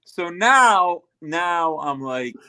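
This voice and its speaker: Middle-aged male comic guest, voice a bit high, lively self-deprecating storyteller who plays out the dialogue. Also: extremely slow. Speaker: comedian guest.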